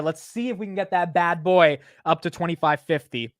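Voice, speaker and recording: A man's voice: fairly high pitch, very animated, a little fast, hardly any pauses, dry recording, studio quality. A young man hosting a casual stock market livestream, chatting loosely, swearing and laughing at himself while reading chat aloud.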